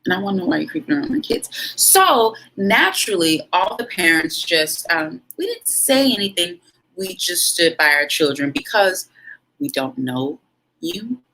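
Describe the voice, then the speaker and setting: A young adult woman vlogger telling a story casually to camera, frank and animated, with dramatic pauses and asides to her viewers. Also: lowish voice, low-quality recording.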